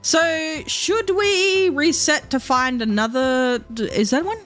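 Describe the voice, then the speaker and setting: A young woman livestreaming a game, chatting casually and thinking out loud in a rambling, easygoing way. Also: sits high, slow, faint music behind. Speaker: streamer. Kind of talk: casual gameplay chat while livestreaming.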